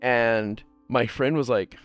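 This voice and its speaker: A man's voice: mid-range voice, slow pace, soft background music. A man streaming a casual chat, rambling and swearing freely, laughing often.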